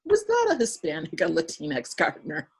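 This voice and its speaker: A woman's voice: low-pitched, moderate pace, husky. A woman hosting a podcast, recapping an episode in casual chat, laughing often and acting out lines as she goes. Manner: animated retelling, acts out quoted lines, laughs often. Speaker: podcast host.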